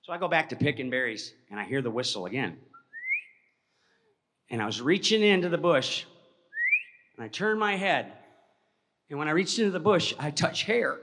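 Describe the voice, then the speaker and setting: A man's voice: fairly high pitch, very animated, normal speed, pauses often, a bit bright. A man telling a personal story live to an audience in a folksy, conversational way, often checking in with "okay?", his voice fading as he moves away from the mic. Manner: moves around while talking, voice fades as he walks off. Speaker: presenter telling an encounter story. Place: large hall with audience. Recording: echoey hall, speaker drifting off mic.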